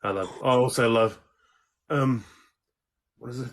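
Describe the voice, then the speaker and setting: A man's voice: medium pitch, fairly even intonation, a little slow. A New man chatting casually as a guest, laughing often and quoting film lines. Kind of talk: casual chat.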